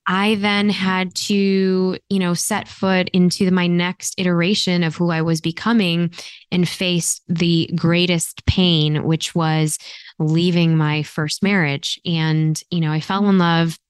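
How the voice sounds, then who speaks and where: A middle-aged woman, an author, earnestly telling her personal story in an interview, slowing down on painful moments. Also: on the low side, level tone, smooth, no room sound, studio quality. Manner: reflective, earnest, slows down on painful points. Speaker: author and guest.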